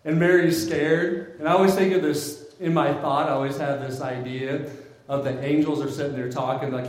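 A male pastor preaching a sermon in a conversational, animated way in a church. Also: fairly high pitch, moderate pace. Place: church sanctuary. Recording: very echoey hall.

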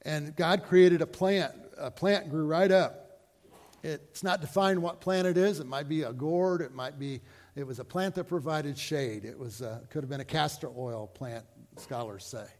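A man's voice: a little high, moderate pace, darkish tone, in a large hall. A man preaching a sermon as pastor, in a folksy, conversational way with rhetorical questions to the congregation.

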